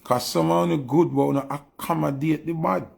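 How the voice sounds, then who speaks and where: Jamaican guy ranting at his viewers, high gravelly voice, preachy and heated. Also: steady tone, a little fast. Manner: preachy, rising to angry shouting. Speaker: video commentator. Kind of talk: heated monologue to camera.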